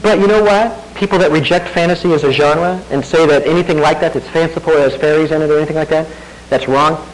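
A man's voice: a little high, fast, a little hiss or hum, rough recording. A middle-aged male pastor preaching a sermon in a conversational way, asking the congregation rhetorical questions and laughing at himself now and then.

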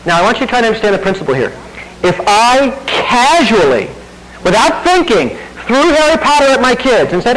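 A man pastor gives a sermon in a relaxed, talky way, tossing rhetorical questions to his listeners. His voice sits fairly high and swings up and down a lot. A faint hum runs underneath. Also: brisk, poor audio. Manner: conversational preaching with rhetorical questions and self-deprecating laughs.

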